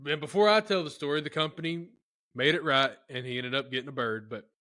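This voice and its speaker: A man's voice: a little high, sharp tone, dry recording, studio quality. A man, co-hosting a hunting podcast and chatting casually with his friend. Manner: friendly backchanneling, quick to laugh along. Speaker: podcast co-host.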